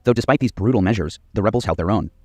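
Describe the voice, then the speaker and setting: Male documentary narrator, scripted history reading, quick pace, low voice, dry studio sound. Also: dry recording, faint music behind. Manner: steady, measured reading of quotes.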